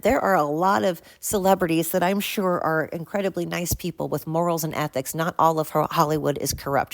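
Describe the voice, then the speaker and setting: Older woman, low voice, blunt ranting podcast host, dry close sound. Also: dry recording. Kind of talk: solo podcast monologue.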